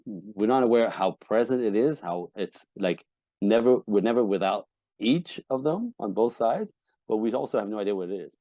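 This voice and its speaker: Blunt, emphatic man with a deep, mellow voice. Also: animated, moderate pace, no room sound, highs cut off. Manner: blunt and emphatic, swears often; acts out quoted voices of wives and husbands. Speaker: relationship coach, podcast guest. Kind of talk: candid podcast interview.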